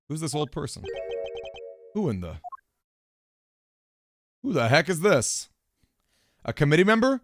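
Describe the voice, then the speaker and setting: A man's voice: fairly high pitch, big pitch swings, measured pace, pauses often, over music. A man streaming a video game, chatting casually, reacting aloud and reading out the game's text. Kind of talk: casual let's-play commentary.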